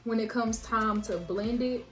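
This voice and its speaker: A young woman telling a story to her viewers while doing her makeup, casual and frank, swearing freely and jumping into loud, high-pitched quotes. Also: a little slow. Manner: animated, swings into loud high-pitched quotes of herself and others. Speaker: beauty vlogger. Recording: echoey room with faint background music.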